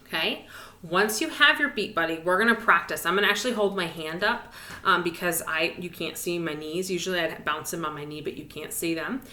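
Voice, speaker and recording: A woman's voice: lowish voice, brisk, pushed and bright, reverberant. A woman music teacher giving a cheerful, encouraging video lesson to young children, speaking in a sing-song way and whispering the rests.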